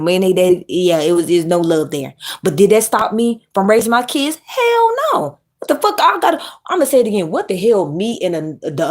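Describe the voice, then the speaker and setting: A woman delivers a blunt, profane rant. She lectures hard in a steady, mid-range voice, talking straight at her viewers. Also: medium pitch. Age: adult mother. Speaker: commentary YouTuber. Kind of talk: ranting commentary.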